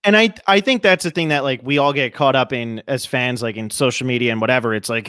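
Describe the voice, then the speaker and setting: A woman's voice: rumbling low, expressive, fast, few pauses, a bit bright, no echo, clean studio sound. A woman hosting a podcast, chatting casually and rambling with many fillers. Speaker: podcast host. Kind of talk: casual chat.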